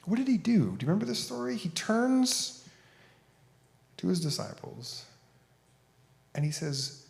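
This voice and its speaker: A man's voice: high-pitched, very animated, unhurried, creaky, pauses often, a little mellow. A man giving a conference talk as an author and speaker, conversational and plain-spoken as he tells a story.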